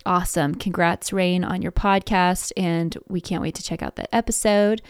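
A woman's voice: fairly low pitch, fairly even intonation, normal speed, clear, resonant tone, no room sound, studio quality. A woman hosting a podcast, bubbly and effusive as she introduces and interviews a guest. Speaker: podcast host.

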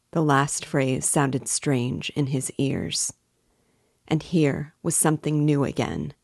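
A woman reading a classic novel aloud to her listeners, slow and measured. Her voice is low, the pace unhurried, and the sound dry and close. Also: vocal fry, darkish tone, husky, no room sound. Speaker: book club host reading aloud.

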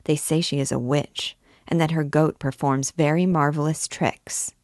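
A woman's voice: low voice, steady tone, moderate pace, a little mellow, no room sound, clean studio sound. A woman reading the part of a gossipy young noble girl, eager and chattering.

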